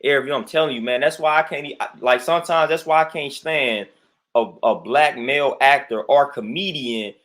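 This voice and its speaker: A man's voice: medium pitch, normal speed, a bit bright. A man hosting his own livestream, ranting emphatically and repetitively, saying "man" constantly and greeting viewers between points. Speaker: livestream host. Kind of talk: livestream rant.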